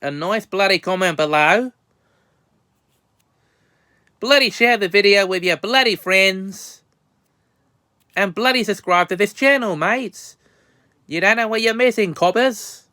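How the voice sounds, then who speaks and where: A man's voice: sits high, measured pace, pauses often, pushed and bright, smooth, no room sound, clean studio sound, voice pushed up. A man putting on a brash fake Aussie bloke. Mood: rowdy. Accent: fake Australian. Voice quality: slangy, swears playfully. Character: over-the-top fake Australian bloke, brash.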